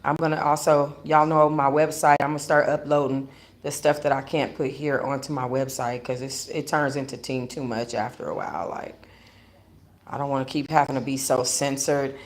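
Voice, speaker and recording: A woman's voice: rumbling low, fairly even intonation, normal speed. A woman hosting her own channel, telling a personal story in casual chat with lots of slang and fillers, close to tears. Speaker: host of a talk channel. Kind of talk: casual livestream chat with viewers.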